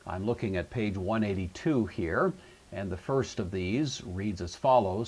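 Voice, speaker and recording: A low, husky male voice works through a grammar lesson at a steady, methodical pace. He thinks aloud as he goes and fills his pauses with "uh." The sound is calm and unhurried, like a classroom lecture. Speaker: Greek teacher. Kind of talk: recorded lecture on Greek grammar.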